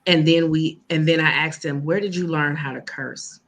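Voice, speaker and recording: Bright-voiced woman telling classroom stories. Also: low-pitched, steady tone, moderate pace. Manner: earnest storytelling, acts out classroom exchanges. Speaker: educator and podcast guest. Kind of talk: casual chat.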